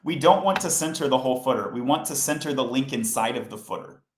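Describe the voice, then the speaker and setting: A man of middle pitch walks viewers through code on a live stream, chatty and step by step, often turning to his chat. His voice carries a noticeable room echo. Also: lively intonation, quick pace, slight background noise. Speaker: coding livestream host. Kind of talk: casual live coding tutorial. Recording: roomy echo.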